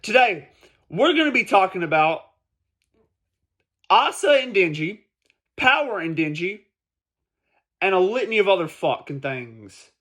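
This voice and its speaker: High, bright-voiced ranting man. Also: sing-song, measured pace, long pauses. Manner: emphatic, profane, repeats points for stress. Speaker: manga commentary vlogger. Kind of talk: casual ranting commentary.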